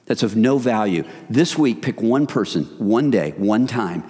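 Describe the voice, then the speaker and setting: A man's voice: on the low side, lively intonation, unhurried, darkish tone, breathy edge. A man preaching a sermon to a men's group, emphatic and exhorting, who keeps calling his listeners guys. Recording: long hall reverb.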